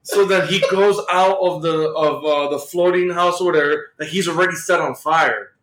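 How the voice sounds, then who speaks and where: A man's voice: a little high, moderate pace, a bit bright, roomy sound, low-quality recording. Rambling man recapping a comic plot. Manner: rambling retelling full of "like" and "uh". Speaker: podcast co-host.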